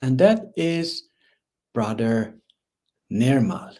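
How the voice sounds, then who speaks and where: A man hosting a livestreamed show, introducing a guest in a relaxed, unhurried way. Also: medium pitch. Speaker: host.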